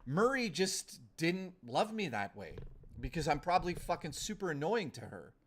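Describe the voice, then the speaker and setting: A man's voice: a little high, big pitch swings, normal speed, slight background noise. Blunt, profane young man streaming. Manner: blunt, profane, ranting and rambling. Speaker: live streamer. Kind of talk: casual live-stream chat.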